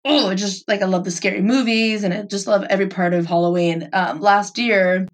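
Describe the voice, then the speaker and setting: A woman's voice: medium pitch, fairly even intonation, normal speed. Giggly rambling young woman, slightly distant. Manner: rambling, giggly, lots of fillers. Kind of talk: casual chat.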